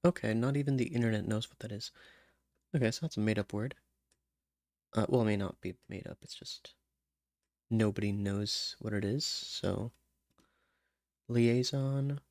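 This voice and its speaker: A man's voice: on the low side, moderate pace, long pauses, darkish tone, dry recording, studio quality. A man thinking aloud while he writes song lyrics, muttering rhyme words and humming placeholder syllables. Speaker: songwriter.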